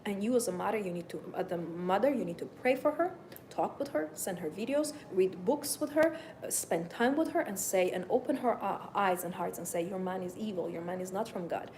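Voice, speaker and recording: Emphatic woman dating coach, mellow voice. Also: medium pitch, animated, brisk, a little hiss or hum. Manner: emphatic, repeats phrases, moralizing. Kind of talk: live stream monologue.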